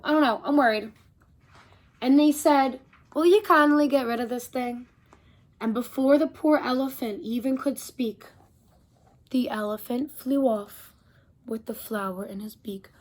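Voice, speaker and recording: A woman reading a picture book aloud to children, animated, and stopping to talk to her young listeners. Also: sits high, moderate pace. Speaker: storyteller.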